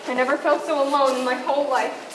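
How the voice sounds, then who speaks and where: A woman's voice: high voice, little pitch movement, fast talker, background noise, lightly acted. A young actress playing an anxious bride on her wedding day, pleading and crying out on stage. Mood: distraught. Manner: pleading, breaking into cries. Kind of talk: live stage acting. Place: auditorium stage. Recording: echoey stage sound from a distant mic.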